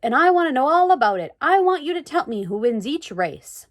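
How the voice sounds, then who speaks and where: A woman's voice: high voice, very animated, a little fast, voice pushed up. A woman voicing a kindly, encouraging man who is a town doctor, in a storybook reading.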